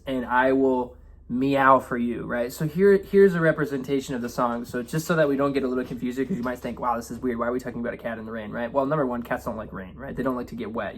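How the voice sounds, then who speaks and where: Male language teacher, mid-pitched, loose and chatty as he walks through lyrics. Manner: relaxed, repeats "right?" and "okay?" often. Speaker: Spanish teacher. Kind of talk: explaining song lyrics.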